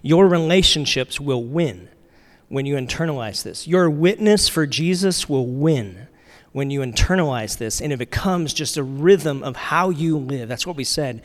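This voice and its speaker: This pastor, voice a little high and animated, preaches without hurry and with few pauses in a church sanctuary. His delivery is casual and conversational, peppered with fillers and restarts, echoing in a large hall's long reverb.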